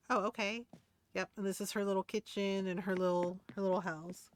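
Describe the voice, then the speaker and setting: A woman's voice: medium pitch, level tone, fairly quick. A young woman streamer chatting casually and rambling a little as she shows off her game.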